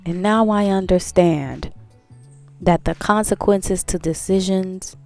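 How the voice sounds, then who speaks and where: Over soft background music, an earnest female host speaks slowly in a medium-pitched, gravelly, slightly mellow voice. Her casual healing pep talk is repetitive, and she often laughs at herself.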